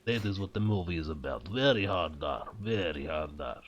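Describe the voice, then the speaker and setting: A man with a very low, husky voice chats loosely with friends while playing a game. He keeps joking, puts on villain voices and ends lines with a quick "eh?". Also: lively intonation, muffled recording. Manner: goofy, tries villain impressions, tag question "eh?". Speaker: let's play host. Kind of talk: casual gameplay chat with friends.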